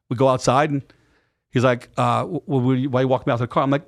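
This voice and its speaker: A man's voice: medium pitch, quick pace, gravelly. A middle-aged man, a podcast guest, telling a candid story with lots of slang and swearing and acting out what people said. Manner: animated, profane, slangy retelling with acted-out quotes.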